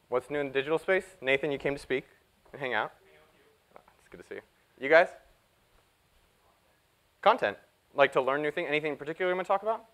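A man giving a live conference talk, energetic and jokey as he hypes up the audience. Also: on the high side, rough recording. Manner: energetic, jokey, hyping up the crowd. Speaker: keynote speaker.

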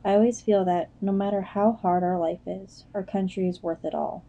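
A woman's voice: mid-range voice, steady tone, moderate pace, mellow, dull audio, lightly acted. A woman voicing a brave, solemn teenage girl who speaks reassuringly.

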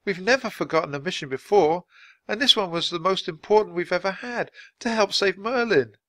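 A man's voice: brisk, dry recording. A man voicing an eager, cheerful young girl in a storybook reading. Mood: earnest. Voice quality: high, lively.

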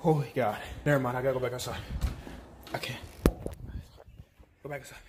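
A man's voice: mid-range voice, steady tone, fairly quick, noisy background. A young man vlogging to camera, in pain and sniffling, pleading in short repeated bursts. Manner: distressed, repetitive pleading. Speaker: YouTuber doing a spicy chip challenge. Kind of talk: casual vlog to camera.

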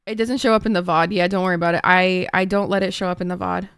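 A woman's voice: fairly low pitch, level tone, fast talker, fairly bright tone, clear, resonant tone, dry recording. Woman streamer, casual live chat, flustered and swearing, dry close sound, keyboard typing.

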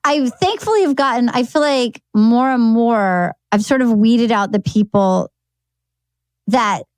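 A woman guest on a podcast, talking in casual chat, animated, swearing often and acting out quotes. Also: on the high side, unhurried, dry recording. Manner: animated, swearing, acts out quotes in funny voices.

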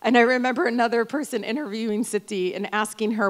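A woman in her forties from Detroit giving a convention speech, telling family stories with animated, emphatic peaks. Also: on the high side, fast talker, few pauses. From Detroit, Michigan. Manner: storytelling, animated, rising to loud emphatic peaks. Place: large hall. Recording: smooth voice with long hall reverb.

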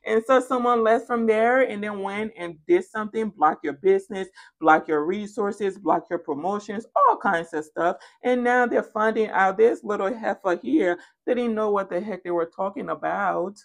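A woman giving a tarot reading, animated and playful and speaking straight to the viewer, sometimes dropping into soft asides. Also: mid-range voice, normal speed, creaky, hardly any pauses. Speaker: tarot reader. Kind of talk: spoken tarot reading to camera.

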